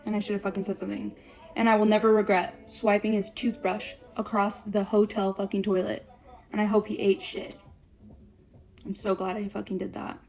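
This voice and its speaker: A woman's voice: mid-range voice, little pitch movement, a little mellow, soft background music. Foul-mouthed young woman telling a story. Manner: blunt and profane, swears constantly; rapid run-on storytelling. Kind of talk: storytime vlog, recounting a breakup.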